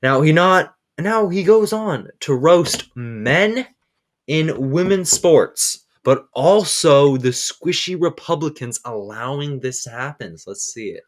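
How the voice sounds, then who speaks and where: A man's voice: fairly high pitch, lively intonation, takes it slowly. A man hosting a casual political commentary show, enthusiastic and peppering his talk with "all right". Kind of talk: casual commentary over clips.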